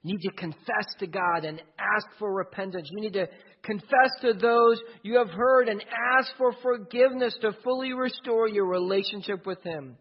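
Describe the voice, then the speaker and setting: A man's voice: high voice, normal speed, husky. A man preaching a sermon in an earnest way, speaking straight to the listener as "you". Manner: earnest, second-person storytelling. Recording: dull lo-fi recording.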